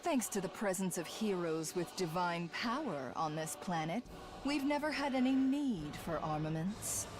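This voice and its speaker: An actress voicing an arrogant, cruel villainess in a game, speaking in a grandiose, pompous manner. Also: female voice, on the low side, animated, moderate pace, lightly acted. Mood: gloating. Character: arrogant cruel villainess taunting enemies, adult woman. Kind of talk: game voice acting.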